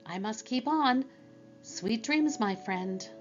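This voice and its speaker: A woman's voice: on the high side, animated, slow, highs cut off, soft background music, pitched above the performer's own voice. A woman voicing a small, determined mother shrew who talks earnestly. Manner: earnest, pleading, turns commanding.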